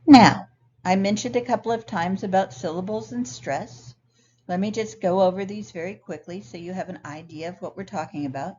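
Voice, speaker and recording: A woman instructor explaining grammar clearly and patiently in a recorded lecture over slides. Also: mid-range voice, normal speed, dark tone. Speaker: ESL instructor. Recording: dull lo-fi sound, faint noise.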